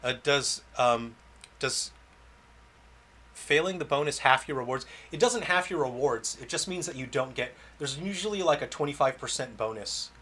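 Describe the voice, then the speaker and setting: A game developer hosts a launch stream, chatting casually as he plays and answering viewer questions aloud. His mid-range voice is animated and sharp-toned at a moderate pace, with faint game music behind him.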